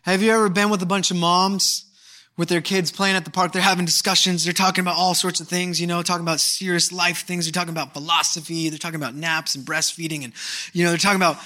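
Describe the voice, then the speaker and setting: During a church service, a pastor in his thirties preaches a sermon full of animated stories, shifting between hushed and emphatic delivery. His voice sits high and he talks quickly.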